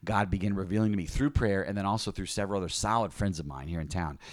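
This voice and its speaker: A ministry leader who co-hosts a podcast talks candidly about prayer in a casual faith discussion, rambling, restarting, and tossing in self-mocking asides. His low-pitched voice moves fast, recorded clean in a studio with no echo.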